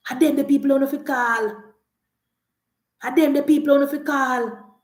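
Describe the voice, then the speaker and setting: A Jamaican woman with a slightly high voice gives an animated, scolding political rant. She mocks the people she is talking to and draws out her points. Her voice rings in an echoey room. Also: a little slow, long pauses. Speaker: political commentator.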